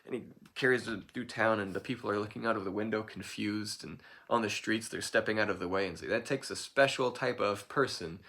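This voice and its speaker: A man telling a folk tale in an informal, improvised way, relaxed and correcting himself as he goes. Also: lowish voice, quick pace, hardly any pauses. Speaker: storyteller.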